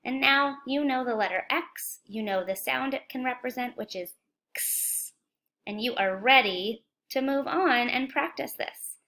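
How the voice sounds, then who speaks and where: A woman teaching a children's phonics lesson, speaking slowly and clearly, encouraging and asking young viewers questions. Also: sits high, pushed and bright. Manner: slow, clear, encouraging, asks questions to kids.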